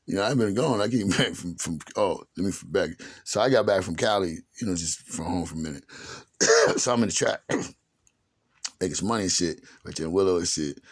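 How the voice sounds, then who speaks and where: A man's voice: low voice, lively intonation, fairly quick. A man telling a personal story in a casual, slangy and profane way, acting out what other people said. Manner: streetwise, slangy and profane, acts out others' lines.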